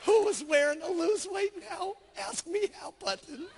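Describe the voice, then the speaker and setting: A shy, hopeful housewife, put on by a man with a soft, timid voice that drops back from the microphone. She speaks high and bright, slow and a little gravelly. She comes across as a meek figure in a spoken seminar story. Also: slight background noise, heavily acted. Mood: sheepish.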